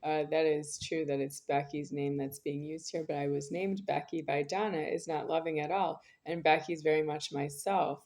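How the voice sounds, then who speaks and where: Woman rambling on and on, lower voice, keeps repeating herself, insistent. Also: steady tone, normal speed, hardly any pauses, a little mellow. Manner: insistent, circling back over the same phrases. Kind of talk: rambling spoken monologue.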